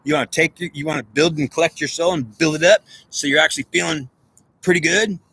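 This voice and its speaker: A man's voice: on the high side, steady tone, quick pace, fairly bright tone, breathy edge, dry recording. A man in an unscripted monologue, rambling in a stream of consciousness and arguing back and forth with himself. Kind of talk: guided visualization.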